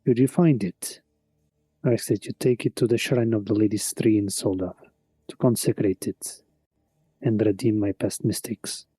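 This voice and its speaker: A man's voice: fairly low pitch, fairly even intonation, moderate pace, mellow, breathy edge, no room sound. A man voicing the ghost of a fallen chieftain, speaking formally with a put-on accent. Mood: solemn. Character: ghost of a fallen male chieftain, solemn and regretful.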